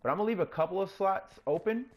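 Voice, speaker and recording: A man hosting his own gaming channel, chatting casually through his gameplay and getting openly excited when things work. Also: fast. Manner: coaxes the game character in a higher, playful voice.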